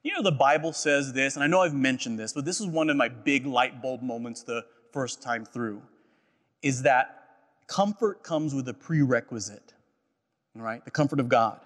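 A man's voice: medium pitch, normal speed, fairly bright tone. A man preaching a sermon as a pastor, earnest and personal, often repeating phrases and checking in with "right?". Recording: echoey hall.

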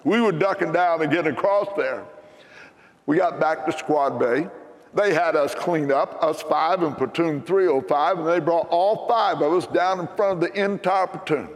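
An older American man preaching a sermon in a church, telling a story with animated, emphatic punchlines. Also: on the high side, normal speed, in a large hall. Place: church sanctuary.

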